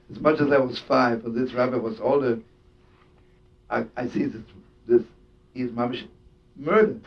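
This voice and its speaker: In this distant, dull lo-fi recording with a faint rumble, a rabbi and storyteller delivers a sermon as a story. His voice is unhurried and creaky, and he fills the tale with Yiddish words and laughter.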